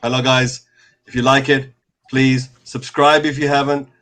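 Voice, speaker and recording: A man hosting a casual fan call-in show, relaxed and rambling, with many fillers. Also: mid-range voice, measured pace, a little hiss or hum.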